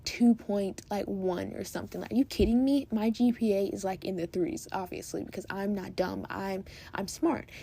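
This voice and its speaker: A woman's voice: medium pitch, warm tone, husky. A teenage girl hosting a podcast, giving casual advice in an emphatic, chatty way full of "like" and "you guys". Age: teens. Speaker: podcast host.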